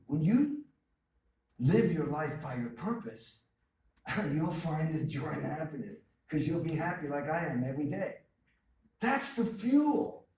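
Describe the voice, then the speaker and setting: A man's voice: a little high, darkish tone. A man giving an emphatic motivational talk full of stories and repeated phrases, as a guest speaker at a college. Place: college lecture hall. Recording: distant, echoey hall with faint noise.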